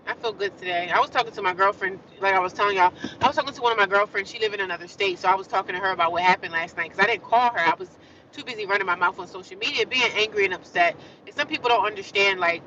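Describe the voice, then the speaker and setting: A woman's voice: mid-range voice, sharp tone, a little hiss or hum. A woman chatting casually with viewers on a livestream, rambling and repeating herself. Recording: distant, slightly dull phone audio.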